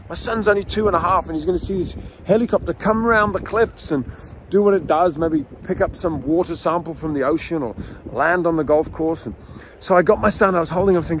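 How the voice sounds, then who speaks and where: A middle-aged man, a dog trainer, teaching outdoors near a beach in a casual, animated storytelling way. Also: on the high side, a little fast, a little hiss or hum. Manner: animated storyteller, acts out scenes. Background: faint outdoor ambience with waves.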